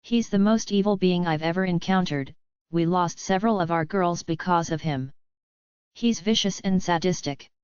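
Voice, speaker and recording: Read by a woman earnest forest maiden, low, very clear voice. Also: normal speed, darkish tone, no room sound, close to an everyday voice. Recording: dull lo-fi audiobook recording.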